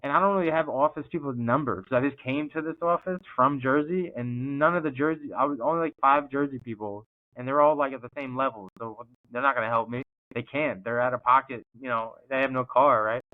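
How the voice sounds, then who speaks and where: A man from New York with a New York accent, telling a story casually in an animated, slangy way as podcast host. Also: medium pitch, brisk, no room sound. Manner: animated and slangy, acts out scenes. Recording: tinny phone-like dry sound.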